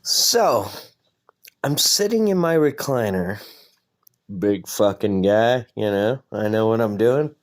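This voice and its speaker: A man's voice: fairly low pitch, expressive, slow pace. A man hosting a podcast alone, ranting casually in a profane, self-mocking way. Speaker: podcast host. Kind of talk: casual rambling monologue.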